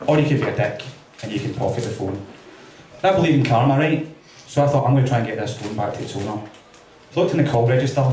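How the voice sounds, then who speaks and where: Scottish comic, chatty, in a roomy club. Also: male voice, mid-range voice, darkish tone, a little hiss or hum. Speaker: stand-up comedian. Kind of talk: stand-up routine. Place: comedy club stage. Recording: roomy club sound from far off.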